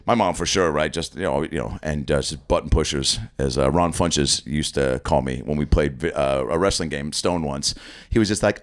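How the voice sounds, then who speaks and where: A man's voice: low voice, expressive, brisk, few pauses, a bit bright. A man doing improvised stand-up on a comedy club stage, loose and laughing, often slipping into exaggerated voices. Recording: live club with crowd noise. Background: audience laughter.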